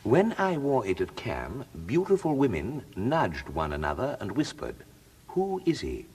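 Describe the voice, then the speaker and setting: A cheerful, feather-brained young toff in a radio comedy, speaking. His voice bounces up and down, carries a breathy touch, and he bumbles into indignant protests. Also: medium pitch, huge pitch swings, a little slow, darkish tone, heavily acted. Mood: airy. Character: young male idle aristocrat, cheerful and dim. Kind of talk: radio comedy drama acting.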